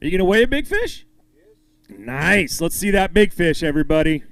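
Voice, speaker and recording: High-voiced upbeat weigh-in emcee, a man. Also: sing-song, normal speed, creaky, a bit bright, no echo. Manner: upbeat, hypes each angler and jokes with them. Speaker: tournament emcee. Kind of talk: live weigh-in announcing.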